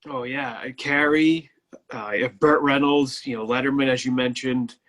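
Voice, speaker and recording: A man's voice: mid-range voice, fairly even intonation, a little slow, a bit bright. A man guesting on a casual comedy video chat, wry and self-deprecating, laughing at his own jokes.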